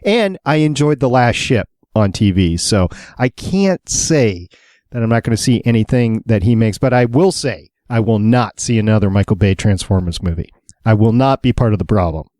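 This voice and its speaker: A man's voice: on the low side, animated, moderate pace, darkish tone, dry recording, clean studio sound. Emphatic, teasing man co-hosting a podcast. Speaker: podcast co-host. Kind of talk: casual podcast chat.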